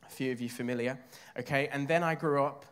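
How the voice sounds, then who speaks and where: A man's voice: mid-range voice, fairly even intonation, fast, a bit bright, smooth. A man from England preaching a sermon, chatting with his congregation and asking them questions.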